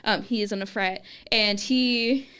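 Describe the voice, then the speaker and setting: A woman's voice: mid-range voice, fairly even intonation, measured pace, fairly bright tone, clean tone. A young woman from St. Louis with a Midwestern accent, telling a story in casual chat, giggly and rambling. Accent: Midwestern American. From St. Louis, Missouri. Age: young adult. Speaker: guest, student.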